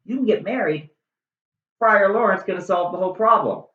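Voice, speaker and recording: A woman's voice: mid-range voice, a little fast, recorded from a distance, pitched above the performer's own voice, close to an everyday voice. Friar Lawrence, a woman doing a wry old friar. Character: wry scheming male friar. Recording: echoey room, slightly dull.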